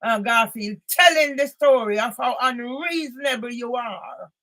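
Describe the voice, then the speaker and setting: A woman, an author and campaigner, delivering an angry, confrontational monologue aimed at one person, breaking into loud emphatic bursts. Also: on the high side, a little slow.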